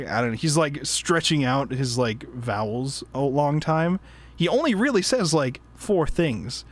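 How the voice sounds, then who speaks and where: A man's voice: mid-range voice, animated, normal speed. A man hosting a casual book club chat, rambling with lots of fillers, laughing and breaking off mid-sentence. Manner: rambling, laughing, frequent fillers and self-interruptions. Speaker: podcast host.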